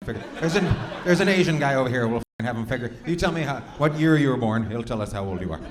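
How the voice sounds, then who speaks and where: A man with a mid-range, expressive voice talks fast while doing stand-up crowd work in a comedy club, teasing the audience with profanity. The club is echoey and the crowd noise is loud.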